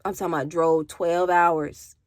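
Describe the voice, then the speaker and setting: A woman's voice: fairly low pitch, steady tone, moderate pace, no echo. A woman from Alabama, telling her own story on camera in a raw, candid way, cursing and talking straight to her viewers. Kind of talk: emotional personal storytime.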